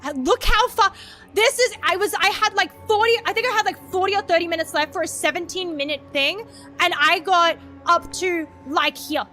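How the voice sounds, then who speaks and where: A high, sharp-toned Australian woman reads creepy stories and keeps breaking off to chat. She giggles, rambles and swears freely. Faint music plays softly under her voice. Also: moderate pace. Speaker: VTuber streamer. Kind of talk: casual reading of horror stories with chat.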